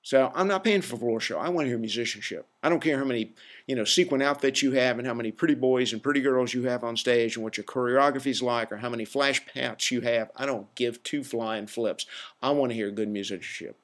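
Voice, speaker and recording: Mid-range, brisk, and a bit bright, this man's voice carries a casual solo podcast monologue: an opinionated rant that wanders and pokes fun at himself.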